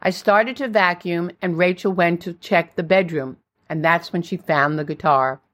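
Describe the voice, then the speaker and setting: An older woman narrating her own memoir in a plain, steady storytelling way. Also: fairly low pitch, normal speed.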